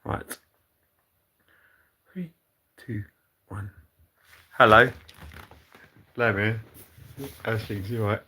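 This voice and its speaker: A British man hosting a casual livestream, reading out chat comments in a halting, rambling way full of fillers and restarts, with dry deadpan asides. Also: fairly low pitch, slightly rough. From Britain.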